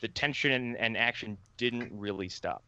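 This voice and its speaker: Male co-host, animated, bright forceful tone. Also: on the low side, moderate pace, highs cut off, slight background noise. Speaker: podcast co-host. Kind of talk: casual chat.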